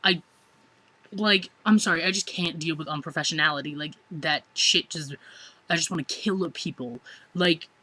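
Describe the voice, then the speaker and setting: A man's voice: a little high, normal speed, sharp tone, no echo. A teenage man ranting exasperatedly in a vlog, swearing and saying "like" constantly. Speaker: vlogger.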